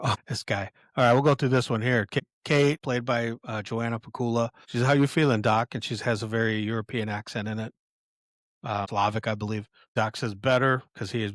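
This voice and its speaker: A man's voice: lowish voice, fairly bright tone, dry recording, clean studio sound. A man hosting a podcast in a casual film commentary, rambling with many restarts and chuckles. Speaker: podcast host.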